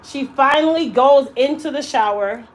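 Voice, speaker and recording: A woman with a high-sitting voice speaks at a moderate pace as she works in her hair salon, telling a personal story. She's casual but emphatic, acting out the quotes with animation, and the recording quality is low.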